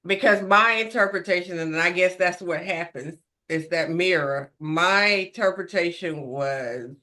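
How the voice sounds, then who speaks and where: Female co-host, bright and forward, joking casual chat. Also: lowish voice, measured pace. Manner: playful, joking asides. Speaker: ministry podcast co-host.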